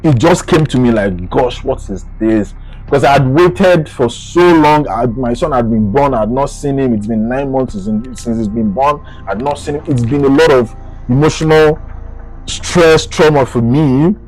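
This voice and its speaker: A young man from Nigeria with a Nigerian accent, animatedly retelling a personal story as a vlogger, dropping to a hush and rising with excitement. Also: medium pitch, moderate pace, soft background music, low-quality recording. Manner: animated, swings between hushed and excited retelling. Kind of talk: casual storytelling to camera.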